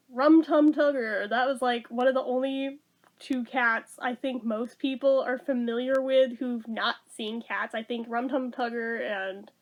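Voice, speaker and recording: A woman giving a casual movie review, sarcastic and blunt, swearing freely. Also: fairly high pitch.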